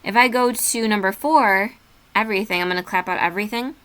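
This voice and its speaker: A woman's voice: mid-range voice, fairly quick, fairly bright tone. Patient woman teacher spelling words aloud. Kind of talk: remote classroom lesson.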